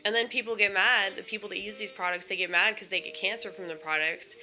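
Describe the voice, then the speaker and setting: A woman's voice: mid-range voice, steady tone, quick pace, sharp tone. A woman in a casual, blunt monologue, airing opinions and swearing freely.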